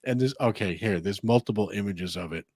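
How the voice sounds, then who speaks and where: A man's voice: fairly low pitch, a little fast, a little mellow, no room sound, studio quality. A man co-hosting a podcast in casual chat, laid-back and hesitant with many fillers. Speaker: podcast co-host.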